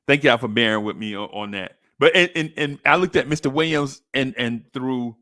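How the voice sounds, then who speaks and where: Podcast host, man, mid-pitched, storytelling with lively put-on voices, dry close mic. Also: moderate pace, no echo. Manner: animated, acts out quoted voices with high pitch jumps. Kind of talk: casual storytelling.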